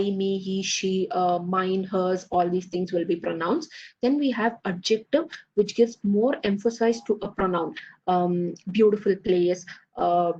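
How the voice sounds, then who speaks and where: Husky-voiced woman teaching a class. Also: mid-range voice, darkish tone, muffled recording. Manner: explanatory, many fillers and checks like "okay, fine". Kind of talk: online class lecture.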